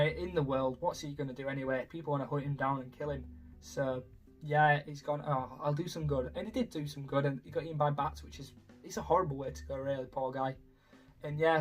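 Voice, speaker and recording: A young man, rambling casually as a YouTuber through a ranking, full of "you know" fillers. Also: on the high side. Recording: voice a bit far from the mic.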